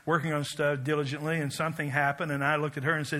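Male pastor, middle-aged, high and very bright tone, animated self-deprecating sermon delivery. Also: brisk. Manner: animated storytelling, self-mocking, rising to loud exclamations.

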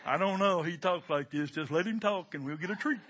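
A man's voice: high-pitched, brisk, background noise, close to an everyday voice. A man voicing a puzzled pet dog. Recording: dull lo-fi recording.

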